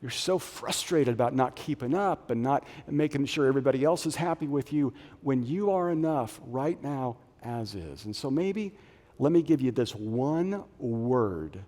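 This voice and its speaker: Middle-aged pastor preaching in a big hall. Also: male voice, moderate pace. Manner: animated, shifting from loud punchy lines to soft low phrases. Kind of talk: sermon. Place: church auditorium. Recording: long reverb of a large hall.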